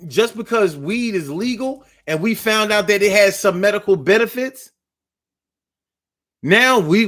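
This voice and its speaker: Man going off on a blunt profane rant, slangy, kinda high voice. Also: a bit bright. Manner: slangy street talk. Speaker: host reading viewer comments. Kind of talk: casual livestream talk.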